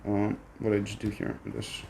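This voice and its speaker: A young man filming a casual unboxing, excitable and swearing often, jumping between hushed whispers and squeals. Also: lowish voice, moderate pace, creaky, slight background noise. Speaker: vlogger.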